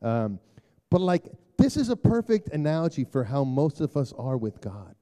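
A man preaching a casual sermon, telling a story in a loose, conversational way with lots of fillers and throat clearing. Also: medium pitch, sing-song, normal speed, warm tone.

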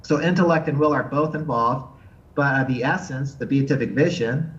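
A man giving an unscripted theology lecture, earnest and thoughtful, often pausing and restarting as he searches for words. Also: mid-range voice, muffled recording. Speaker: theology teacher.

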